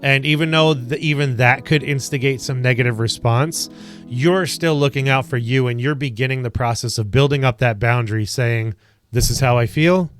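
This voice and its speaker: Male wellness coach, mid-pitched, earnest and rambling, slow deliberate delivery with filler words, faint music underneath. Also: fairly even intonation, clear, resonant tone, dry recording. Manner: earnest, rambling, many ums and you-knows. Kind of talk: self-help talk to camera.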